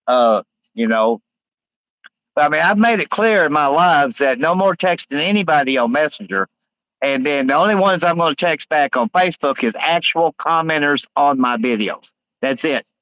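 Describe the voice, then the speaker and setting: Man, livestream host, halting rambling delivery, slightly high, dry close mic. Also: expressive, a bit bright, dry recording, rough recording. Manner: rambling, halting, many uh fillers. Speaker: live stream host. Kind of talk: casual live stream chat, reading comments aloud.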